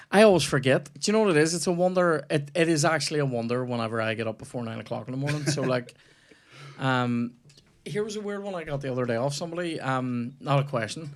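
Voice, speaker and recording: Young male comedian host, sweary, animated storyteller, ranting at a football game mid-chat. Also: mid-range voice. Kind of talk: casual chat while playing a football video game.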